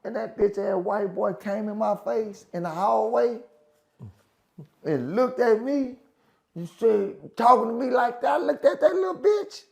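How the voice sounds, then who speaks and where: Gravelly man telling rowdy stories. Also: sits high, measured pace. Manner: profane, animated, repeats phrases for effect. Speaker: guest storyteller. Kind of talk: casual prison storytelling.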